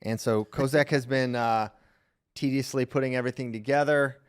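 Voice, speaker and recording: Upbeat podcast host, smooth clear voice. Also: male voice, mid-range voice, steady tone, moderate pace. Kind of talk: casual podcast chat.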